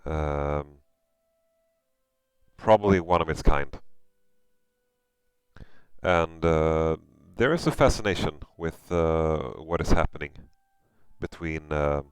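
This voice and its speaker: Swedish game master, low crisp voice, halting narration. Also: male voice, no echo. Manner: hesitant, many fillers and restarts.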